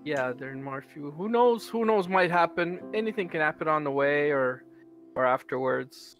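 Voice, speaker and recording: A man's voice: on the high side, animated, normal speed, a bit bright, soft background music. A man playing in a tabletop game, talking casually and restarting his sentences often. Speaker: player.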